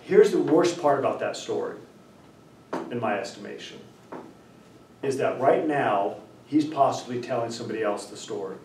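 A man lecturing and telling a story, acting out the dialogue, often clearing his throat. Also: mid-range voice, normal speed, long pauses, a little hiss or hum. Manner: animated, acts out dialogue, frequent throat clearing. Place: lecture room. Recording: roomy lecture hall from far off.

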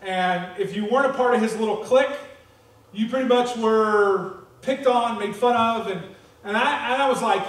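A man's voice: high voice, moderate pace. A man pastor giving an earnest, candid sermon with a personal testimony, often checking in with "okay?". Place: church sanctuary. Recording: echoey church from far off.

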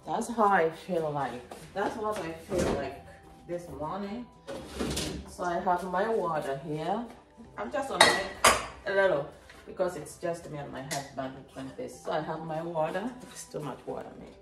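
A low-voiced woman talks through her morning in a loose, rambling vlog, circling back over her own words. Her voice rings in an echoey home kitchen. Faint music plays behind her. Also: moderate pace. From Kenya. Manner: chatty, rambling, repeats herself. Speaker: vlogger. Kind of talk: casual vlog chat. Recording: echoey room.

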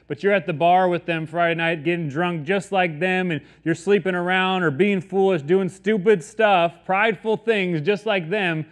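A man's voice: sits high, normal speed, hardly any pauses. A man preaching a casual, conversational sermon, often slipping into quoted everyday voices. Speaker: pastor.

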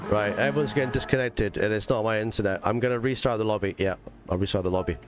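Talking quickly over music, a man with a lowish voice and an English-Scottish accent livestreams a racing game. He chats casually and rambles to his audience, leaning heavily on filler words.

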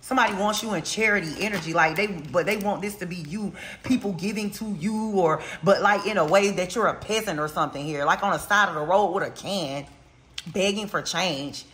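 Tarot reader, casual reading, blunt and profane, slangy, repeats for emphasis, bright tone. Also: mid-range voice, a little fast, a little hiss or hum. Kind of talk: casual spiritual reading to camera. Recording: roomy echo.

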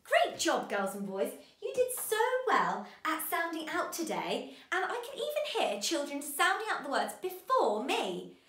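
A woman teaching a children's phonics lesson, giving bright, sing-song encouragement to young learners. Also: high-pitched, wildly swooping pitch, a little slow, roomy sound.

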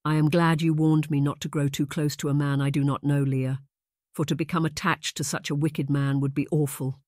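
A narrator voicing a sweet, soft-spoken young lady, pitched light and high. The voice sits close and dry, read as an audiobook character. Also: flat delivery, normal speed, dry recording, lightly acted.

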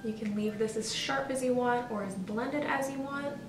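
Casual beauty vlogger woman, talkative and self-mocking; recorded a bit off-mic in a roomy space with soft music under her. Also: on the high side, moderate pace, far from the mic. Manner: chatty and self-deprecating. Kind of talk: casual makeup tutorial.

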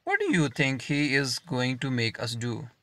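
A man doing a soft-faced, nervous young lad. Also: medium pitch, wildly swooping pitch, normal speed, dry recording, exaggerated voice. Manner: hushed, anxious.

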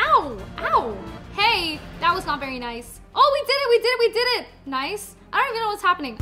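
A young woman hosting a gaming video, commentating excitedly and repeating her exclamations. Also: very high voice. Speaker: gaming host. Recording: background music under voice.

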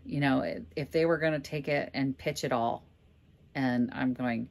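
A middle-aged woman from Minnesota talks casually through her auction haul, candid and chatty with joking asides. Her voice sits fairly low for a woman. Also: moderate pace. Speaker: reseller vlogger. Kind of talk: casual chat.

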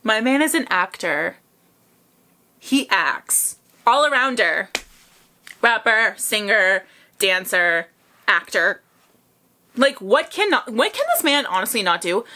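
A young woman hosting a music video reaction, gushing and squealing with excitement as she watches. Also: mid-range voice, slow pace, long pauses. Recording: music playing loudly behind. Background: music video playing.

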